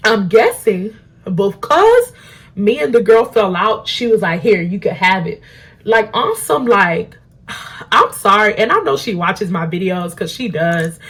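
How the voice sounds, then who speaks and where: Husky young woman telling a storytime. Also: medium pitch, a little slow. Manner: animated, slangy storytelling that acts out quotes. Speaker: beauty vlogger. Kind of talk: storytime chat while doing makeup. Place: at home.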